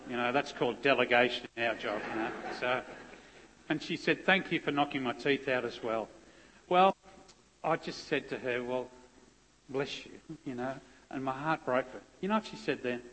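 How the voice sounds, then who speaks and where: A man's voice: mid-range voice, normal speed, fairly bright tone. Man telling a story in an echoey hall. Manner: heartfelt, conversational storytelling with restarts. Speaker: police officer giving a guest testimony. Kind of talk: earnest personal testimony. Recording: long echoey hall reverb.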